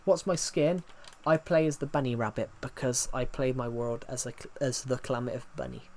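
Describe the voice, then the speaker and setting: A man's voice: medium pitch, steady tone, brisk, a little mellow, a little hiss or hum. A man, chatting casually on a live stream, answering chat with many fillers and restarts. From England.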